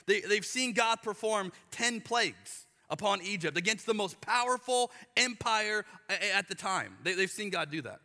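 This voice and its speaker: A man in his thirties preaching a sermon, telling animated stories and acting out quoted voices with exaggerated emphasis. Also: high voice, normal speed, few pauses. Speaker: pastor. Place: church hall. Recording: live church hall with long reverb.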